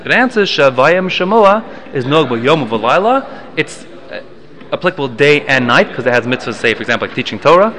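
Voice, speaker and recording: Bright-voiced man teaching Mishnah. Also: mid-range voice, big pitch swings, a little fast. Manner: explains Hebrew terms in English, with restarts and self-corrections. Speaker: Torah teacher. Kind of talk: Mishnah study class.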